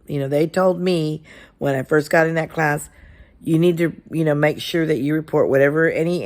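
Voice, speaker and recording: A woman, a substitute teacher, casually telling a story from her classroom and acting out what she and a child said. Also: low voice.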